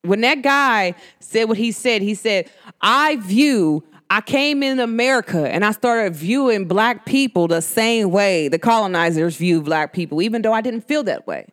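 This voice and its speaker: A woman with a New York and New Jersey accent talks through her podcast alone in a loose, slangy way. Her voice sits in an ordinary middle range, then leaps up and drops low again as she drives her points home. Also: expressive, moderate pace, fairly bright tone. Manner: emphatic and slangy, with big swings in pitch. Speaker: podcast host. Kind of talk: casual solo podcast monologue.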